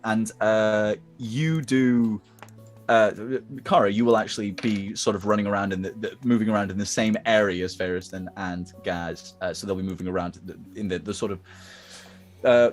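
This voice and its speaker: A man's voice: lowish voice, normal speed, soft background music. A man narrating as dungeon master, rambling and hesitant with many fillers. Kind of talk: narrating a tabletop game.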